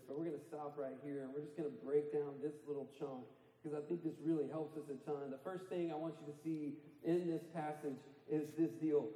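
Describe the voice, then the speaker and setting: A man pastor preaches with a high, warm-toned voice, animated and emphatic. His words ring out through a roomy church hall with a long reverb tail. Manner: animated, rising to emphatic near-shouts, laughs at own jokes. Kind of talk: sermon. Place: church sanctuary.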